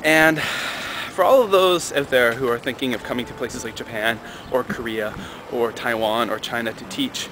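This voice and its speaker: Young man telling a story over traffic noise. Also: normal speed. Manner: animated, acts out dialogue with raised pitch. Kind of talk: casual storytelling.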